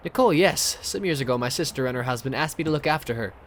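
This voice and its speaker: A man voicing a lonely, warm-hearted older male innkeeper in a video game, with a put-on foreign accent and a halting, earnest delivery. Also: medium pitch, animated, slight background noise, close to an everyday voice. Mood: wistful.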